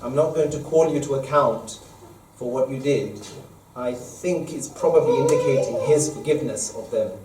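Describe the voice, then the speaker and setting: A man, an imam, leading a Quran study lesson, explaining verses at length and reciting Arabic quickly, recorded in an echoey mosque hall from a distance. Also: medium pitch, a little mellow, slight background noise. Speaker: imam teaching a study circle. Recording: echoey room, mic far off.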